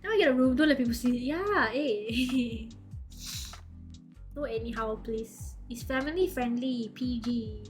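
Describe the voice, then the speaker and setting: A young woman with a Singaporean English accent talks in a high, bright register, rambling cheerfully to her stream chat. She giggles often between thoughts. Soft music plays faintly behind her. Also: slow. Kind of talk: casual chat with live viewers.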